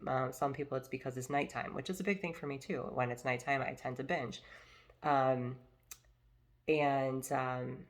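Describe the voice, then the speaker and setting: A woman's voice: extremely low pitch, fairly even intonation, normal speed. A woman vlogging casually to camera, rambling with many fillers and venting her frustration. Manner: chatty, rambling, lots of fillers and restarts. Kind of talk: casual personal talk to camera.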